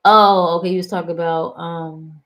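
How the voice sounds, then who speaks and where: A woman hosting a casual talk show, animated and prone to laughing and wandering into stories. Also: on the low side, normal speed. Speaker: host. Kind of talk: casual chat.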